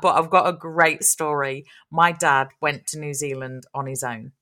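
This is a chatty woman co-hosting a podcast. Her voice sits low but sounds bright and lively. She tells stories and laughs often. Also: normal speed, few pauses. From Australia. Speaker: podcast co-host. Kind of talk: casual chat.

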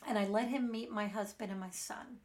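A woman's voice: medium pitch, fairly even intonation, a little fast, a little mellow. A middle-aged woman hosting a meditation podcast, telling a personal story candidly in a frank, earnest way with blunt wording.

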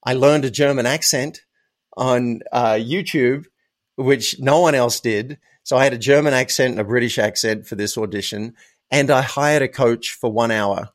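A man with a medium-pitched voice shares personal anecdotes as a podcast guest at normal speed, conversational yet emphatic, doubling up words to drive points home.

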